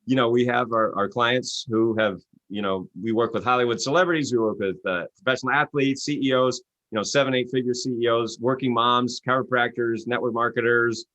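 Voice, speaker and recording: A man's voice: fairly quick, hardly any pauses, no room sound. A man, an author and coach, telling stories in an interview and acting out quoted voices. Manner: animated, acts out quotes with rising pitch. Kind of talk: interview guest storytelling.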